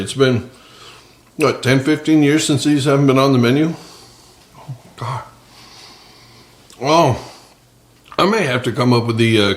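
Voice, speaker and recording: Chatty man cooking in an echoey kitchen. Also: mid-range voice. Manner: chatty, joking asides to viewers. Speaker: cooking channel host. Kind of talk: casual cooking vlog. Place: small home kitchen. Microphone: several cameras on the counter.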